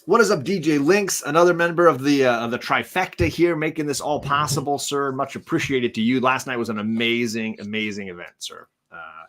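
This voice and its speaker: Brief: male livestream host, mid pitch, casual and rambling, shouts out donors. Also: a little fast, hardly any pauses. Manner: rambling, many fillers, thanks donors by name.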